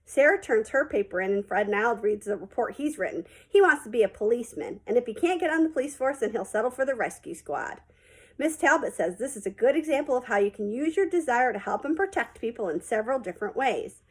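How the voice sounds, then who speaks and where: A woman's voice: on the high side, expressive, a little fast, breathy edge, poor audio. A woman reading a children's novel aloud, narrating in a plain, folksy first-person way. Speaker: audiobook reader.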